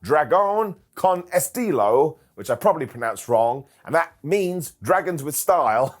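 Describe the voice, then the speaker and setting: A man giving a casual, comedic recap of a wrestling show, joking and mimicking people in quick silly voices. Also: on the high side, big pitch swings.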